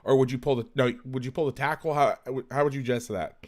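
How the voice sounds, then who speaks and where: A man's voice: medium pitch, quick pace. A man hosting a casual football film breakdown, rambling, self-deprecating and swearing freely. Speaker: host, football film analyst.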